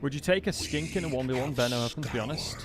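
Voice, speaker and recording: This England-born livestreamer, whose accent is non-southern English, talks very fast in a mid-range voice over background noise. Between bursts of game commentary on his live stream, he casually greets viewers by name.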